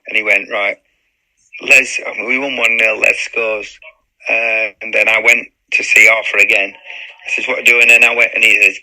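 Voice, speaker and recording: A man in his fifties, a former footballer and interview guest, telling a story in lively chat, acting out quotes and swearing freely. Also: fairly low pitch, moderate pace, rough recording.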